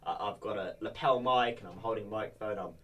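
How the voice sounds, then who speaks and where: A young man from England, a podcast guest chatting casually, jokey and deliberately high-energy. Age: young adult. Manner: animated, jokey, amps up his energy.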